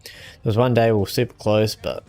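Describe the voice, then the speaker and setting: A young man streaming a game and chatting casually with viewers in a relaxed, easygoing way. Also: on the low side, normal speed, faint music behind. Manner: relaxed, chatty, answers chat with small laughs. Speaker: gaming streamer.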